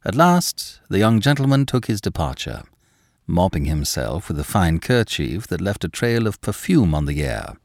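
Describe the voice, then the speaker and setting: A man narrates a classic novel in a measured, expressive style. His voice is low and deep, with wide, lively swings in pitch, recorded dry and close with no room echo.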